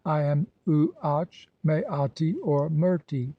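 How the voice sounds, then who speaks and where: A man giving a measured, solemn reading of an ancient religious text as an audiobook. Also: fairly high pitch, lo-fi sound. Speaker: audiobook reader.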